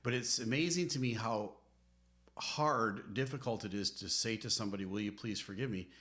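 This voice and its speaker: This man's voice sits on the low side and comes out pushed and bright at a normal speed. He is middle-aged and co-hosts a podcast, where he plays marriage counselor with earnest, emphatic, preacherly guidance in a conversational teaching format.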